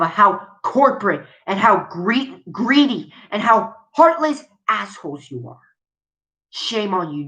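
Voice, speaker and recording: Slow-talking woman ranting indignantly. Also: medium pitch, pushed and bright, rough recording. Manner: indignant, profane, repeats herself. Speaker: vlogger. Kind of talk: angry video rant.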